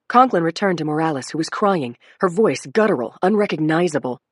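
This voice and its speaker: A woman's voice: deep voice, expressive, a little fast, hardly any pauses, dry recording, studio quality. A woman reading a crime audiobook in a dramatic narration style. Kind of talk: scripted narration.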